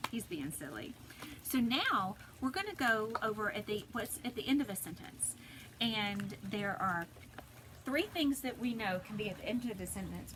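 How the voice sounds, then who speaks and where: A woman teaching a phonics lesson to preschoolers, sounding out letters slowly and deliberately, recorded at home. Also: mid-range voice. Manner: slow, deliberate, sounds out letters for little kids. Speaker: pre-K teacher. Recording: noisy home video recording.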